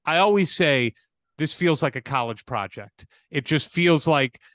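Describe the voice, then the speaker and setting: A man's voice: fairly high pitch, expressive, measured pace, a bit bright, no room sound. A man hosting a podcast, talking casually and enthusiastically, with effusive praise for his guest. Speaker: podcast host. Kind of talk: casual interview chat.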